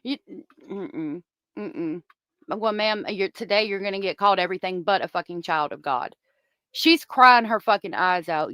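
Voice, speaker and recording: On a heated commentary stream, a woman swears and rants angrily at her viewers, speaking into a close desk microphone. Her mid-range voice is fairly bright and measured in pace, with no room sound.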